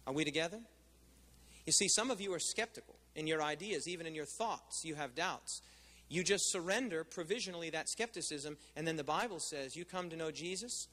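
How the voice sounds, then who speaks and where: High, bright-voiced preacher man in a hall. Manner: conversational preaching, asks the crowd questions. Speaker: pastor. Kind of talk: sermon.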